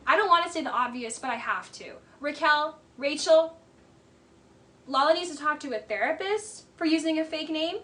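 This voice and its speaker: A woman hosting a casual reaction commentary, blunt and scornful, talking in animated rants full of "like" fillers. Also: high voice. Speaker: commentary host.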